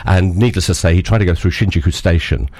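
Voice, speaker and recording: A man's voice: deep voice, fast talker, a little mellow, no echo. A man in his sixties from Scotland with an English accent, telling rambling anecdotes with dry humour as a radio guest. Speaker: interview guest, former diplomat. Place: radio studio.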